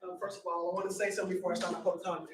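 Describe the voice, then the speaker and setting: A man's voice: sits high, level tone, racing, slight background noise. A man in his fifties from San Francisco giving an emphatic, repetitive public comment at a meeting, addressing people directly and mumbling at times. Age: 50s. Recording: echoey meeting room from far off.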